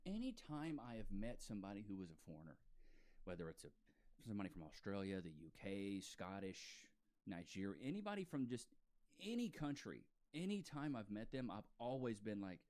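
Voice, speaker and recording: A man's voice: on the low side, very animated, brisk, a little mellow. A man giving casual, slangy reaction commentary on videos and chuckling between remarks. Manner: laid-back slangy, chuckles often.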